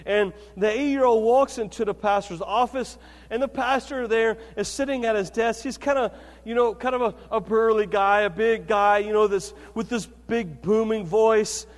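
A man's voice: high-pitched, normal speed. A man preaching a sermon as the pastor, in a conversational, storytelling way with frequent check-ins to the congregation. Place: church sanctuary. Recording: reverberant church hall.

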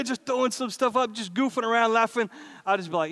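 A man's voice: very high-pitched, fast talker, a bit bright. A man preaching a sermon as pastor of a church, in a casual, conversational way with asides and laughs. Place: church sanctuary. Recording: reverberant hall.

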